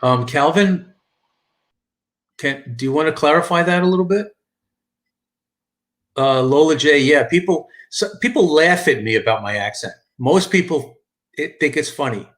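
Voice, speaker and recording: A man's voice: on the high side, expressive, moderate pace, pauses often, fairly bright tone. Rambling man with a thick New York accent. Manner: rambling, repeats and restarts, reads chat aloud. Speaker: live stream host. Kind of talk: casual live stream chat.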